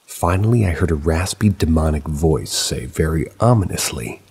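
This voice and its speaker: Deep, gravelly male storyteller. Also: animated, normal speed, a little mellow. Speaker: narrator of submitted paranormal stories. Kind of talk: scripted narration of a true scary story.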